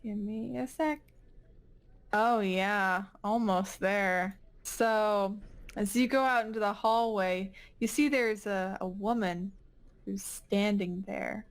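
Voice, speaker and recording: A woman's voice: mid-range voice, takes it slowly. A woman narrating as game master of a tabletop game, casual and playful.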